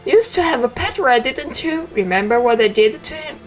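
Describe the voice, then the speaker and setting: A woman's voice: high-pitched, expressive, brisk, soft background music. A woman voicing a cruel, mocking young sister in a text game, with a taunting, sing-song sneer.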